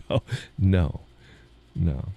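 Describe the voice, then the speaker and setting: A man's voice: extremely slow, narrow, tinny audio. A man with a Texan accent hosting a live stream, chatting casually and chuckling between viewer comments. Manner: chuckling, drawling, trails off into mumbled asides.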